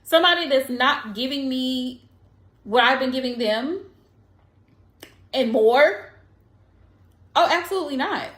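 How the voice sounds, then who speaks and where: Emphatic high-voiced woman, echoey room. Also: animated, unhurried, long pauses, a bit bright. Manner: blunt, emphatic, repeats lines for effect. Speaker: tarot reader. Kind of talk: casual advice monologue.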